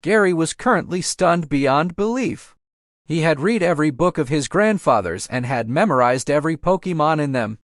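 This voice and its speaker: A man reading a fan fiction audiobook aloud in a steady storybook manner. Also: a little high, normal speed, dry recording, clean studio sound. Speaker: audiobook narrator.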